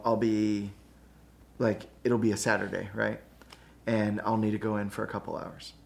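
A pastor in casual conversation, telling a candid, self-deprecating story with lots of fillers. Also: male voice, fairly low pitch, vocal fry.

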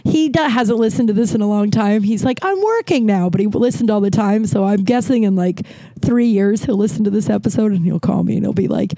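A woman's voice: mid-range voice, a little fast, dry recording. Chatty woman podcaster, dry close sound. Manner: animated, laughing, acts out quoted voices. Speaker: podcast host. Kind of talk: casual solo podcast storytelling.

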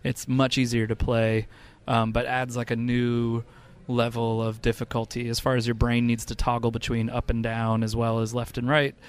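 A tired man hosting a casual podcast, talking quietly and laid-back in a hotel lobby. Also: medium pitch, monotone, normal speed, hardly any pauses, clear, resonant tone. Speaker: podcast host.

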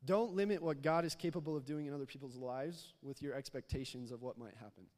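A young man with a mid-range, slightly mellow voice preaches fast in a casual sermon as a church youth pastor. He repeats words often and urges the congregation to respond, and the sanctuary adds a long hall reverb.

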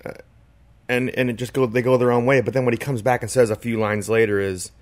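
A man's voice: medium pitch, little pitch movement, fast. A man in casual podcast chat, talking in a reflective, rambling way with many "like" and "you know" fillers. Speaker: podcast co-host.

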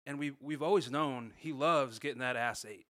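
A man's voice: mid-range voice, normal speed, sharp tone. A man co-hosting a casual sports podcast, teasing his co-host with jokes. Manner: teasing, joking.

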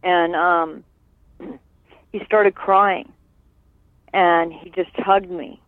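A man's voice: high voice, steady tone, extremely slow, no echo. A man recalling old memories in an interview, rambling with many fillers and tagging on "right?". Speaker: guest. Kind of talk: reminiscing interview. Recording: tinny phone line.

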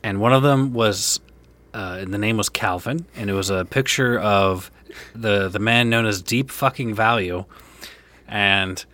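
A man's voice: fairly low pitch, measured pace, sharp tone. A man co-hosting a comedy podcast, telling stories playfully. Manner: playful, storytelling, laughs along. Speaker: podcast co-host. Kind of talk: casual comedic podcast chat.

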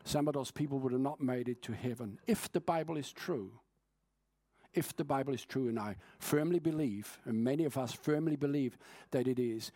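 A man preaching an evening sermon, earnest and urging, speeding up and slowing down to stress his points. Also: mid-range voice, a little mellow, dry recording.

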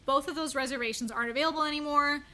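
Flaky young boyfriend, breezy and offhand, quoted by a bright-voiced woman. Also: sits high, racing. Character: flaky casual young male date.

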